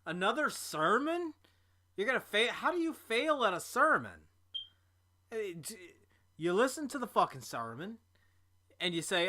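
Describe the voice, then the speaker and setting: A man gives crude, mocking commentary on a clip he is watching, swearing freely. His voice is bright and sharp, sitting a little high. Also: very animated, measured pace, pauses often. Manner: profane and sarcastic. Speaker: stream host reacting to a clip.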